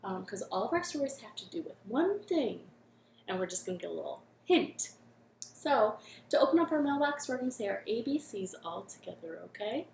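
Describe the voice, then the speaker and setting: A woman hosting a children's storytime from her living room, speaking gently and encouragingly and singing with a ukulele. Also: mid-range voice, sing-song, brisk, vocal fry, reverberant, a little hiss or hum.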